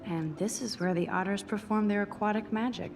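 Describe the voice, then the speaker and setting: A woman's voice: mid-range voice, steady tone, brisk, music in the background, natural voice. A woman voicing a wry teenage game heroine. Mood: dry. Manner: dry, offhand remarks. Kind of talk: video game voice acting.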